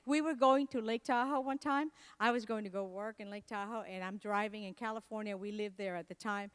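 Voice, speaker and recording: A middle-aged woman from Latin America giving a comedic keynote talk, telling animated stories and acting out the people she quotes. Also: medium pitch, brisk, few pauses, clear, resonant tone. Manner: animated storytelling, acts out quotes. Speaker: keynote speaker.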